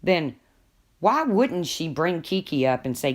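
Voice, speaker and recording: A woman's voice: sits low, very animated, measured pace. A woman hosting a casual live stream from home, gossiping with viewers and talking to her pets in between.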